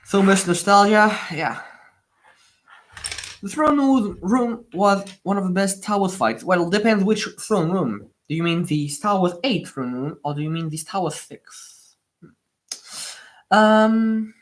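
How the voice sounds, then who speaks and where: A man's voice: high-pitched, expressive, slow pace. Chatty young man with a French accent. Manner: rambling, chatty, many fillers and repeated words. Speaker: livestream host building Lego. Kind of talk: casual livestream chat answering viewers.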